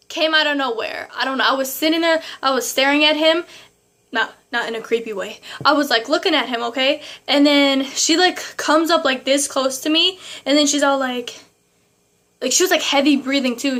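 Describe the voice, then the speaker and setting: Young woman, high voice, casual storytime vlog, animated and chatty. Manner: animated, chatty, lots of fillers and asides. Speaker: vlogger.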